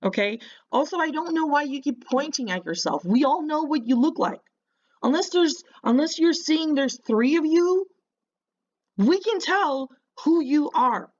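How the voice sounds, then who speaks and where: A woman's voice: high voice, lively intonation, a little slow. Mocking woman in a dull lo-fi recording. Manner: mocking, insulting, sarcastic. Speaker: reaction video host. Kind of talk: reaction commentary.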